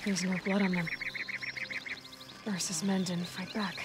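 An actress playing a young female hunter in a video game, calm and matter-of-fact as she investigates. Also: lowish voice, a little slow, natural voice. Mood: focused. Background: loud game music.

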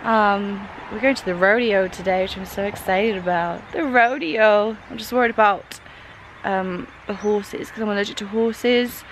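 A woman's voice: mid-range voice, fairly even intonation, moderate pace. A woman in her twenties, from Britain, chatting casually into a handheld camera as a travel vlogger, bubbly and easily delighted. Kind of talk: casual vlog narration. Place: on the road, indoors and outdoors. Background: background noise and vehicle sounds.

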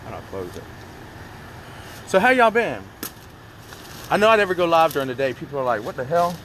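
Sassy man, bright voice. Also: fairly high pitch, big pitch swings, brisk, a little hiss or hum. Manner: chatty, sassy, calls viewers y'all and honey. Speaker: vlogger doing a live stream. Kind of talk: casual chatty live stream. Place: in a car in the rain.

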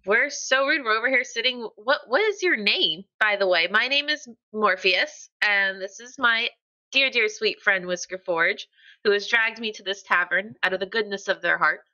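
A woman's voice: mid-range voice, normal speed, bright, forceful tone, lightly acted. A woman voicing a chatty, flustered female adventurer who rambles through her introductions. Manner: bubbly, rambling. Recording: dull lo-fi mic.

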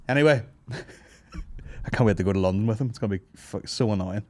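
A man's voice: lowish voice, normal speed, long pauses, a little mellow, no room sound. A Northern Irish man hosting a podcast, telling a rambling comic story, swearing a lot and laughing often, hungover and tired. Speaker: podcast host. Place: office.

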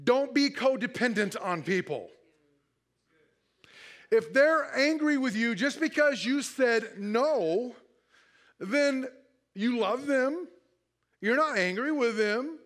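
A man's voice: very high-pitched, animated, slow, pauses often, a bit bright. A pastor preaching a sermon to his congregation in church, joking and laughing as he goes and acting out quoted speech in other voices. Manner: joking and playful, often laughing.

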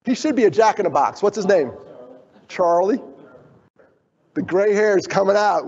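A middle-aged man gives a motivational keynote in a conference hall, joking with the crowd and drawing them in before turning earnest. His voice is high-pitched, darkish, and slightly rough, with lively intonation, a moderate pace, and long pauses. The sound is dull and echoey.

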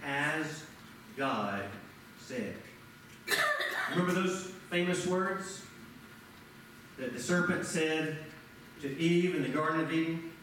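Pastor guy preaching, high voice that jumps all over, big echoey church, mic a bit far. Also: unhurried, long pauses, background noise. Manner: animated, rhetorical questions, addresses congregation by name. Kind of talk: sermon. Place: church sanctuary.

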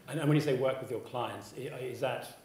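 A man's voice: mid-range voice, fairly quick, background noise. Moderator man with stumbling questions, roomy hall. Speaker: panel moderator. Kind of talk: conference panel moderation. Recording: roomy panel hall from far off.

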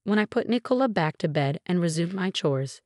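A woman narrating a first-person story in an even, plain storytelling manner. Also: fairly low pitch, a little fast, no echo, studio quality.

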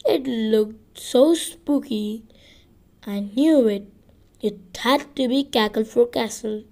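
Woman reader for a children's story: higher pitch, unhurried, careful, rereads stumbles. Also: vocal fry, dark tone. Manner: slow and deliberate, with rereads and self-corrections. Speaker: audiobook reader. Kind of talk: reading a children's book aloud.

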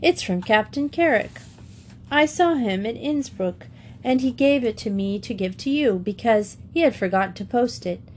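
A woman voicing an excitable, eager schoolgirl in a storybook reading, with gushing delight. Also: a little high, moderate pace, a little hiss or hum, lightly acted. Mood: urgent.

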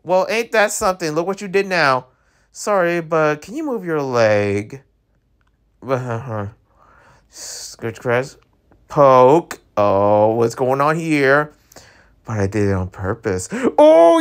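A man casually reading a webtoon aloud, reacting excitedly to scenes with gasps and laughter. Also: mid-range voice, slow pace, clean tone. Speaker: webtoon reader. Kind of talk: casual read-along with reactions.

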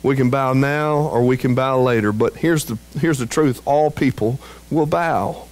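A man preaching a sermon as pastor, slow and emphatic, climbing higher and louder at peaks and dropping low and quiet on key phrases. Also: rough recording.

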